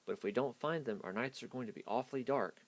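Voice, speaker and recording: A man's voice: mid-range voice, quick pace, close to an everyday voice. A man voicing an eager, earnest young male reindeer in a children's storybook reading.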